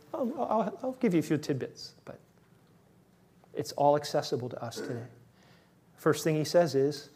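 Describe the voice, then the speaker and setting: A man's voice: high-pitched, darkish tone. A man preaching a sermon as pastor, conversational and emphatic, repeating key words for stress.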